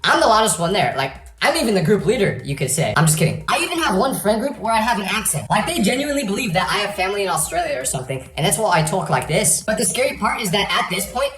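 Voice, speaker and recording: A young woman from California telling comedic stories to the camera in an animated, exasperated ranting manner. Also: medium pitch, quick pace, hardly any pauses. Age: young adult. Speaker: storyteller. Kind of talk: comedic storytime monologue. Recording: roomy with faint music.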